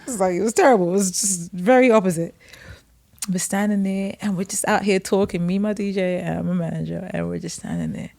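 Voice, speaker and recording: Animated woman telling a story. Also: medium pitch, brisk, creaky. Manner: animated, acts out quotes with laughs. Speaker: podcast guest. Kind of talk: casual storytelling.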